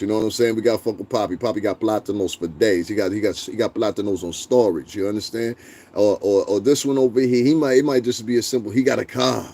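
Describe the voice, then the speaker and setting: A man hosting a livestream, ranting bluntly and profanely and answering his chat. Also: fairly low pitch. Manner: profane, blunt, animated, talks back to chat. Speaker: livestream host.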